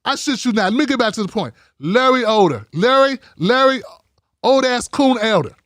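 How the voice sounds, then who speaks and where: Man, high-pitched, ranting, profane, heated live-stream host, dry sound. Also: animated, normal speed, fairly bright tone, dry recording.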